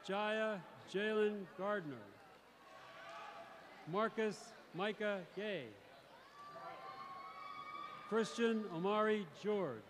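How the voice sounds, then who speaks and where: A male teacher reading out graduates' names one by one at a graduation ceremony in a large arena, in a measured announcing manner. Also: high voice. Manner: measured, announcing each name, with brief self-corrections. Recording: crowd noise in a large arena. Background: crowd cheering.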